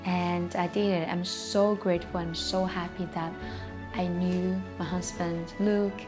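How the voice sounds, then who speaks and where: Woman CEO, emotional personal testimony, halting non-native English, faint music bed. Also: lowish voice, level tone. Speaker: company CEO. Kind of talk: personal storytelling.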